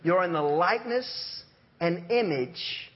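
A man's voice: high voice, lively intonation, takes it slowly. A man preaching a sermon in a folksy, storytelling way, joking and acting out sounds. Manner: folksy storytelling with jokes and animal voices. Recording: dull lo-fi sermon recording.

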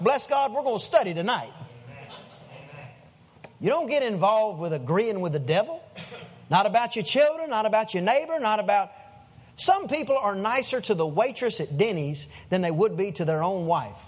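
A man, a pastor in his thirties preaching a sermon in a folksy storytelling way. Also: high voice. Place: church sanctuary.

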